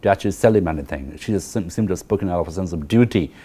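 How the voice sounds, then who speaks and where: Deep-voiced male lecturer. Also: very fast, mellow, breathy edge. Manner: explanatory, repeats key phrases and often checks with "right?". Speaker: literature lecturer. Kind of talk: university lecture.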